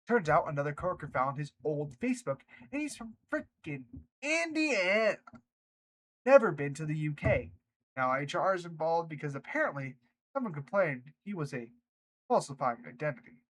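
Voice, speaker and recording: A man's voice: on the high side, fairly bright tone, slight background noise, poor audio. A man reading online workplace stories aloud, breaking off for chatty reactions. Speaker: reddit story narrator.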